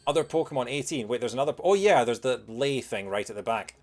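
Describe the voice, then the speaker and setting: A man's voice: medium pitch, expressive, fast, darkish tone, faint music behind. A young British man giving casual commentary while playing a video game, rambling with lots of fillers as he answers chat.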